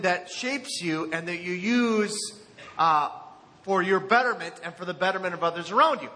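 Bright-voiced joking pastor in a hall. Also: male voice, high-pitched, moderate pace. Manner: joking, chatty, laughs often. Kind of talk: sermon. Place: church sanctuary.

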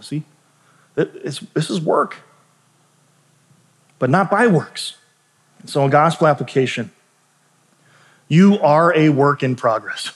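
A man preaching a sermon in a relaxed, conversational way, often restarting phrases and tossing in asides to the congregation. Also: a little high, a little slow, long pauses. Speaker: pastor. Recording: long reverb of a large hall.

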